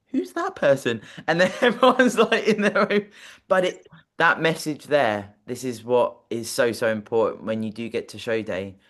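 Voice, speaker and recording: A man's voice: medium pitch, fairly bright tone. A man hosting a podcast, talking casually with swearing and tumbling, half-finished questions. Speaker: podcast host.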